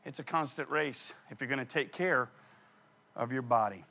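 A middle-aged man preaching a sermon, telling stories with animated repetition of key phrases. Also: mid-range voice, moderate pace, creaky. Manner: animated storytelling, repeats phrases for emphasis. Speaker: pastor.

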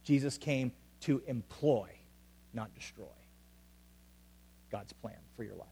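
A man preaching a sermon as pastor to a congregation, swinging between loud urgent calls and quiet, intimate asides. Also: medium pitch, slow, gravelly, breathy edge. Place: church hall with an audience.

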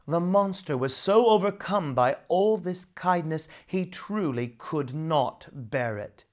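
A woman reading a children's story aloud with expressive narration. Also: sits low, slow.

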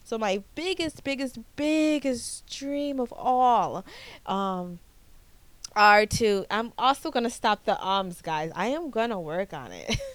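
A woman in her twenties from the United States, hosting her own podcast in a casual, animated chat with frequent restarts. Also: on the high side, takes it slowly, no room sound. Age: 20s. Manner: chatty, animated, repeats herself and restarts often. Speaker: podcast host.

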